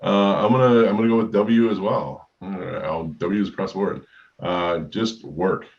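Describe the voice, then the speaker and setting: A man in a group coaching session who talks haltingly and repeats himself. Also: low-pitched, lo-fi sound. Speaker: coaching client.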